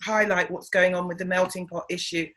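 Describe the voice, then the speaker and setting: A middle-aged woman, an interview guest and comedian, telling family stories in a casual, animated way and acting out the voices of the people she quotes. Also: on the low side, a little fast, poor audio.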